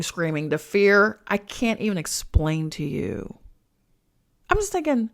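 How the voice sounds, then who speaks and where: In a mid-range, expressive, slightly bright voice with vocal fry, a woman speaks a little slowly and pauses often. She hosts a podcast and works as a spiritual coach, telling a personal story in a slangy, chatty manner, swearing and talking directly to listeners.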